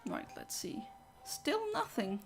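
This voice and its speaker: A woman's voice: medium pitch, wildly swooping pitch, takes it slowly, vocal fry, over music. A woman chatting casually with her viewers during a game livestream, rambling and answering chat. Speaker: streamer.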